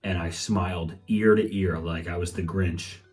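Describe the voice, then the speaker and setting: A man's voice: low voice, steady tone, moderate pace, a little mellow, soft background music. A young man hosting a comedy podcast, rambling through a profane monologue and acting out quotes in mocking voices. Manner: swears a lot, acts out quotes in raised mocking voices.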